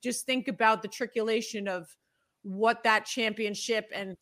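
A woman's voice: fairly high pitch, unhurried. A woman in her thirties from New England, hosting a casual podcast chat and telling stories with animation. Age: 30s. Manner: animated storytelling, acts out her past self. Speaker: podcast host.

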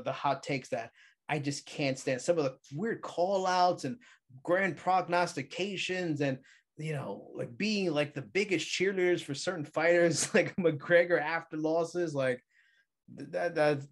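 A man in a casual podcast chat, speaking as an MMA media guest, chatty and quick to laugh. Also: on the high side. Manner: laughs often, animated, chatty.

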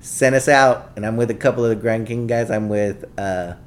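A man guest on a podcast, telling laid-back, animated anecdotes in a casual conversation. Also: lowish voice, moderate pace, slight background noise. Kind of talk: casual storytelling.

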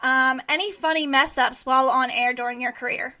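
A woman hosting a casual interview, chatty and quick to react. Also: sits high, steady tone, pushed and bright.

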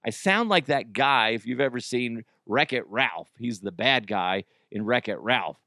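A man's voice: mid-range voice, animated, unhurried, sharp tone, dry recording, studio quality. A man hosting a comedy podcast in casual chat, joking, swearing freely and laughing at his own bits. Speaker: podcast host.

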